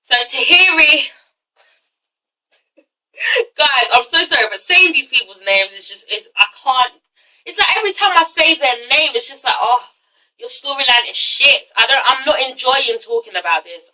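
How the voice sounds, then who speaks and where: A young woman with a high, very bright voice rants through a casual TV review vlog. She is blunt, exasperated and swears freely. Her voice sits a little far from the mic. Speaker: YouTube reality-TV reviewer.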